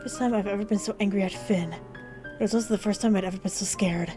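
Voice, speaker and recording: A woman's voice: medium pitch, steady tone, fast, mellow. A woman hosting a gaming video, dramatically reading a narrative game aloud in the first person with emotional intensity. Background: game music.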